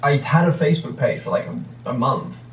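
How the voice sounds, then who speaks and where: A man's voice: mid-range voice, big pitch swings, a little fast, echoey room, far from the mic, muffled recording, a little hiss or hum. A man in his thirties with an English accent, answering questions in a rambling, reflective way with many restarts. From England. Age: 30s. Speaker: actor answering fan questions. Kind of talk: casual interview answers.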